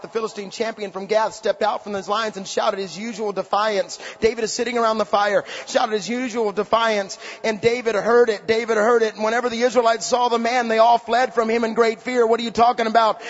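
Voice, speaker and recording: A man preaching an intense sermon, swinging from shouted lines to hushed, quiet asides. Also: high voice, long reverb tail, muffled recording.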